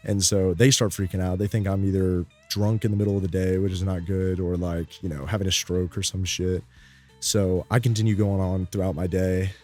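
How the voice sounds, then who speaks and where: A man's voice: sits low, flat delivery, fairly quick, a little mellow, faint music behind. A young man telling a story in a rambling, laid-back way, full of fillers. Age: young adult. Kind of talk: casual storytime.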